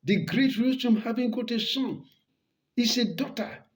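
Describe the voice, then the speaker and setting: A great male Persian warrior and father speaks proudly in a high voice, saying his words again and again, as a man puts him on in his own voice. Each line is delivered with the same proud force. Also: a little slow. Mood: boastful. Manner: proud, repeats his cries.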